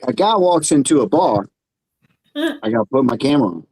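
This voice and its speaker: Animated dark-voiced joke teller. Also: medium pitch, brisk, husky, dry recording, rough recording. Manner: animated joke teller who acts out the characters' lines. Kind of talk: casual joke telling.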